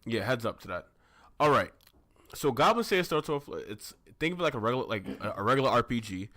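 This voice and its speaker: A man's voice: medium pitch, big pitch swings, fairly quick, bright, forceful tone. A man co-hosting a podcast, casually recapping an anime episode and acting out scenes with silly voices. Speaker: podcast co-host.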